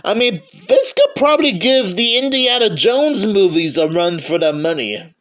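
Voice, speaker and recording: A man's voice: high-pitched, animated, moderate pace, fairly bright tone. A man giving a casual movie review, stammering and often restarting his sentences.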